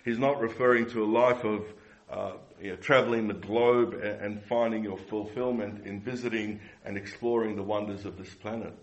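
Male preacher with a low voice, earnest sermon delivery, frequent restarts and repeated lines. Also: steady tone, normal speed, lo-fi sound.

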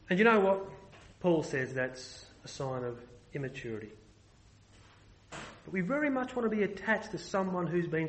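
High-voiced man preaching a sermon. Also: fairly bright tone, low-quality recording. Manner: earnest, emphatic, with frequent restarts.

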